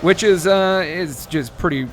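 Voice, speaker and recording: Over faint background music, a gaming commentator with a high voice plays a strategy game at a measured pace. His let's play commentary is casual and rambling, full of sarcasm, jokes and swearing.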